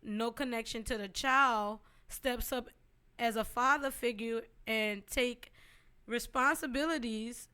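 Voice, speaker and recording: A woman's voice: fairly high pitch, slow pace, pushed and bright, clean tone. A woman co-hosting a podcast, talking casually and emphatically, sprinkling "like" and "period" through her points. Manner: emphatic, opinionated, says "like" and "period" often. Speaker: podcast co-host. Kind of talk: casual chat. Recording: music playing behind.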